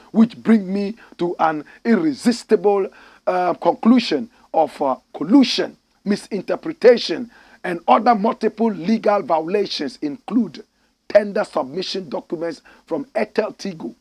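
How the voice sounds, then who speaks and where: A man hosting a commentary show, reading out documents with emphatic, deliberate delivery and drawn-out hesitations. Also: high voice, breathy edge, no echo. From Ghana.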